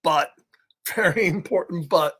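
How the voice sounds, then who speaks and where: Slow, playful man reading to kids. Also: high-pitched, a bit bright, slight background noise. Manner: playful and chatty, chuckles often, greets listeners by name. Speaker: children's storytime reader. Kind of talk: reading a picture book aloud to children.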